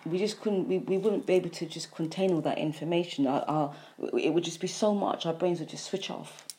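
A woman's voice: lowish voice, fairly quick, warm tone, a little hiss or hum. A woman giving an earnest, emphatic health monologue, driving her points home with repeated lists. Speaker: health speaker.

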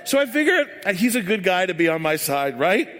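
High-voiced man preaching in a hall. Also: very animated, fairly quick, a bit bright. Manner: rambling, joking, filler-heavy. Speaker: church speaker. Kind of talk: sermon with casual storytelling. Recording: long hall reverb.

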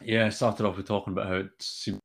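A man's voice: lowish voice, level tone, a little fast, creaky. Chatty young Scottish man. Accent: Scottish, mild Glaswegian. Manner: rambling, self-interrupting, jokey. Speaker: podcast co-host. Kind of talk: casual chat.

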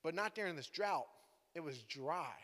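A man's voice: on the high side, expressive, moderate pace, fairly bright tone. A man giving a playful, dramatic sermon in a conversational tone, in a church hall. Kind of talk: lively sermon storytelling. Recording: echoey hall.

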